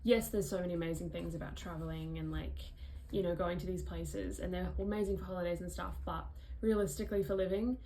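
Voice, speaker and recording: A woman's voice: on the low side, steady tone, quick pace, mellow, slight background noise, poor audio. A young Australian woman with an Australian accent, recapping a singing lesson in a chatty vlog full of "like" fillers. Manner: chatty, frequent "like" fillers, demonstrates vocal sounds. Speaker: vlogger, musical theatre singer.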